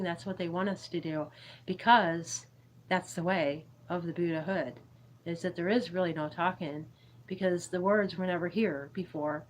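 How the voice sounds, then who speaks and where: A woman with a lowish voice hosts a spiritual YouTube livestream, chatting in a loose, meandering, giggly way. She laughs often and reads viewers' chat aloud to answer it. The recording is low-quality with a little hiss or hum.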